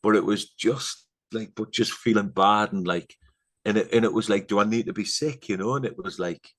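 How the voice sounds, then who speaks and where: A middle-aged man with a very deep voice, talking as a podcast guest. He rambles through fillers and asides in casual chat. He often sinks into a hushed, earnest tone. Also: moderate pace. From England.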